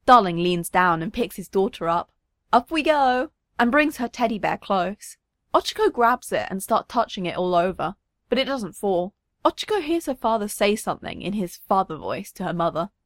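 Expressive woman reading a story. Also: mid-range voice, normal speed, no room sound, studio quality. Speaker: narrator.

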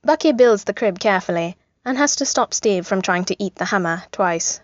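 A woman reading a story aloud as narrator, in an even, gently amused tone. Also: mid-range voice, normal speed, no echo. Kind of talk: reading fan fiction aloud. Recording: slightly muffled, dry.

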